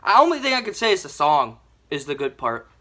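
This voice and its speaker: Animated young woman ranting a review. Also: low-pitched, brisk. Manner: animated, exasperated ranting with mild swearing. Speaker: movie reviewer.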